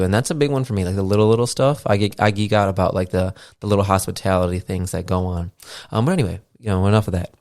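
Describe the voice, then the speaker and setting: Low-pitched and darkish, this voice belongs to a podcast host in his thirties delivering a loose, rambling monologue full of fillers and casual swearing. The audio is a dry, clean studio recording made with a podcast mixer setup.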